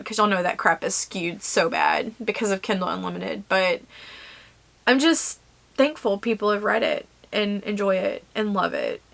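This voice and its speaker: A woman's voice: mid-range voice, vocal fry, a bit bright. A young woman, an author talking earnestly and emotionally to her viewers in a rambling casual vlog. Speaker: self-published author and vlogger.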